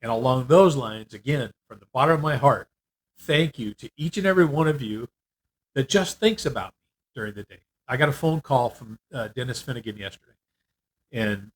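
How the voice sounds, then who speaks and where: An older man giving a casual, candid video update on his treatment. He rambles a little, fills pauses often, and sounds worn out. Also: medium pitch, slightly rough. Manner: candid, rambling, with frequent fillers. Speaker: vlogger. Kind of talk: casual personal health update.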